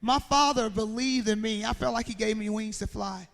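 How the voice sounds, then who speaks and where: A woman gives a motivational talk to schoolchildren. She tells a personal story, voices the people in it, and quizzes her audience along the way. Her voice is gravelly and rings through a reverberant hall. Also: a little high, fairly even intonation, normal speed. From Mississippi, USA. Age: 40s. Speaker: motivational speaker. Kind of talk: motivational speech to students.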